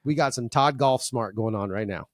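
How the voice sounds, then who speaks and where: A man's voice: medium pitch, moderate pace, no echo, clean studio sound. A man hosting a podcast in casual, joking chat, laughing often and rambling into asides. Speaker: podcast host.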